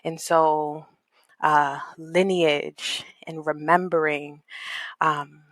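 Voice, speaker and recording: Woman guest, unhurried and low-pitched, earnest and reflective, dry close sound. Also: level tone, no room sound. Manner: thoughtful, searching, heavy use of "like" and "um"; warm, earnest, spiritual. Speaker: podcast guest, equity coach and consultant. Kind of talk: reflective conversational interview.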